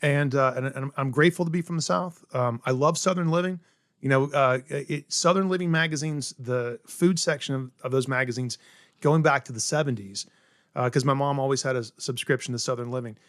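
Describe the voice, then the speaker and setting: A man's voice: mid-range voice, brisk, no room sound, clean studio sound. A middle-aged man from South Carolina, a chef guest on an interview podcast, explaining cooking in an eager, step-by-step way and often checking in with "right?". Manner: enthusiastic, explains step by step with many "right?" tags. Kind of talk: casual interview chat.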